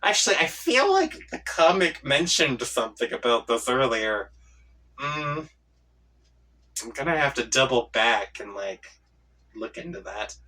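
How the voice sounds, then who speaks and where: A man reading a webcomic aloud and reacting casually, with swearing and quick asides. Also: medium pitch, sing-song, bright, forceful tone, distant mic. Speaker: comic reader.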